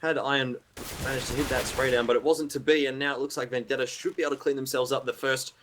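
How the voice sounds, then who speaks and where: Man, esports play-by-play, mid-pitched voice, steady and measured. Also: slight background noise. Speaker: esports caster. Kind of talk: play-by-play commentary.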